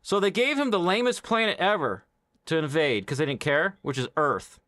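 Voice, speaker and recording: A man's voice: on the high side, normal speed, dry recording. A man hosting a livestream, telling stories in casual chat and laughing often. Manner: animated storyteller, laughs often. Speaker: livestream host. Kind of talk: casual chat while gaming.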